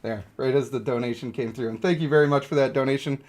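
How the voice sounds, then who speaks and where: A man's voice: mid-range voice, steady tone, fast talker, darkish tone. A young man streaming a mobile game, rambling and joking as he thinks aloud about characters. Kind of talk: casual live-stream commentary.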